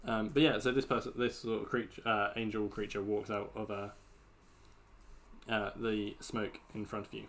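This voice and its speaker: A man's voice: fairly low pitch, level tone, normal speed, fairly bright tone. A man running a tabletop role-play game as game master, talking casually with lots of ums and uhs. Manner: hesitant, filler-heavy, laughing. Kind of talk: tabletop game narration on a stream.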